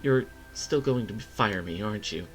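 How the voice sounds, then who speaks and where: A man's voice: lowish voice, lively intonation, moderate pace, soft background music, lightly acted, low-quality recording. A man voicing a nervous, apologetic young woman who keeps saying sorry. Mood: anxious. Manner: nervous, self-deprecating, apologetic.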